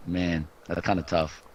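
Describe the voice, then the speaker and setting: A man's voice: low-pitched, little pitch movement, slow pace. A man commentating an esports draft, confident and opinionated, talking in long run-on stretches. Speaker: game caster. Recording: dull, slightly lo-fi mic with faint background hum.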